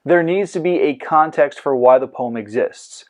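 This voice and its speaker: A man hosting a scripted educational podcast about poetry, lecturing clearly and dropping in goofy comic asides. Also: fairly high pitch, normal speed. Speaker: host.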